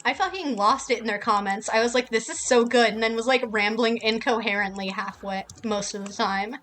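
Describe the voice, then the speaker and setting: A woman's voice: a little high, fairly quick, fairly bright tone. Profane, heated woman streamer. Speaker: game streamer. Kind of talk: casual ranting while streaming.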